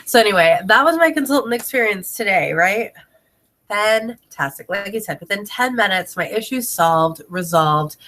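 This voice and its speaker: A woman's voice: medium pitch, lively intonation, moderate pace, fairly bright tone. A woman selling home products, a bit congested, telling a chatty story to camera at home and laughing often. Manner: chatty, laughs often, talks to her child between sentences. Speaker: direct sales consultant. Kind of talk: casual video tutorial. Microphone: camera mic, talking to camera.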